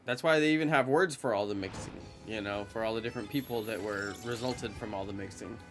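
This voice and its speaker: A man's voice: lowish voice, quick pace, a bit bright, soft background music. A man from the United States talking casually on a live stream, rambling with lots of fillers and answering viewers' chat. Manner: rambling, heavy on fillers like "you know" and "like".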